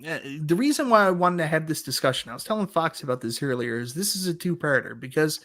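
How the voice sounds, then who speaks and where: A man's voice: fairly high pitch, lively intonation, fast talker, a bit bright. A man in his thirties hosting a casual panel chat over a video call, a jokey storyteller who laughs a lot. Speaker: host of an arcade talk show.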